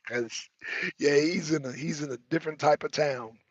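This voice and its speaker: A man with a notably high voice talks in loose, animated chat, cursing freely and often breaking into laughter. He stumbles over and repeats words as he goes. The recording is dry and dull, like a lo-fi stream. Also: moderate pace, husky, no echo. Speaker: talk show panelist. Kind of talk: casual chat.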